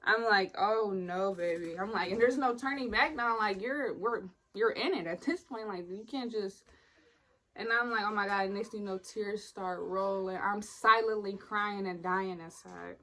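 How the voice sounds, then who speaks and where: A woman's voice: medium pitch, moderate pace, fairly bright tone, poor audio. A young woman, casually telling the story of a painful hospital stay, blunt and profane, acting out the other people in it.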